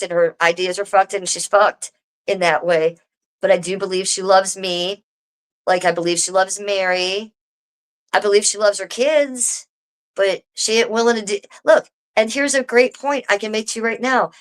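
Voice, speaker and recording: A woman live streaming from home, talking straight to her viewers in a casual, swearing rant. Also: medium pitch. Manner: swearing, animated, talks to viewers directly.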